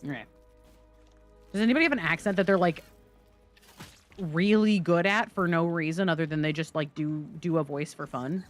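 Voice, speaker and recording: A woman's voice: lowish voice, moderate pace, pauses often, faint music behind. A woman streaming live gameplay, chatting and joking with her viewers as she plays. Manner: chatty, jokey, talks to chat. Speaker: game streamer.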